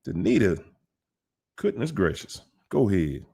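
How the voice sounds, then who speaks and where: Slow, lively-pitched hype man. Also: background noise. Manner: hype, call-and-response shout-outs, drawn-out greetings with sudden whoops. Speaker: livestream host. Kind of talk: livestream Q&A, greeting chat viewers.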